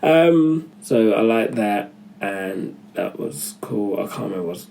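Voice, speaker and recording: A man's voice: lowish voice, lively intonation, slow, gravelly, darkish tone, slight background noise, rough recording. A man giving a casual, rambling spoken film review, often losing his thread and correcting himself.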